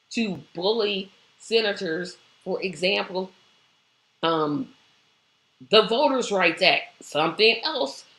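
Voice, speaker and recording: Woman host for a live stream, emphatic and exclamatory, bright tense voice, echoey room. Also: medium pitch. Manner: emphatic and exclamatory, with rhetorical questions. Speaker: host of a live online show. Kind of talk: live-stream commentary, reading viewer comments.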